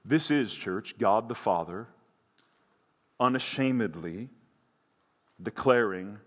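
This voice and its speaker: A man's voice: mid-range voice, big pitch swings, a little slow, pauses often, a bit bright. A man preaching a sermon as pastor, earnest and building to impassioned emphasis. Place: church sanctuary. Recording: long hall reverb.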